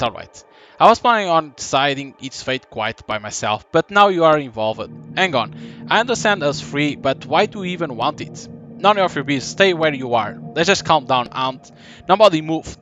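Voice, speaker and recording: A man giving live gameplay commentary, reading the story text and choices aloud in an even tone. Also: a little high. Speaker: gaming commentator.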